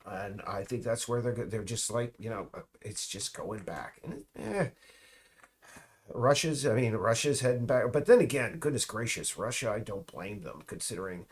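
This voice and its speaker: A man in a casual, rambling monologue. He talks haltingly, with many restarts, trailing asides and mocking remarks. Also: lowish voice, expressive.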